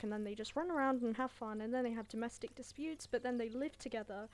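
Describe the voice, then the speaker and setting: A woman casually recapping a film in an offhand, irreverent way, swearing and filling pauses with ums and likes. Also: a little high, a little mellow. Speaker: video creator summarizing a film.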